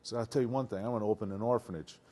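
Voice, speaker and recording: An older man from Detroit, a retired football player, telling stories in a casual interview, animated and acting out what people said. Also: on the low side, very fast. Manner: animated, acts out quotes, laughs often.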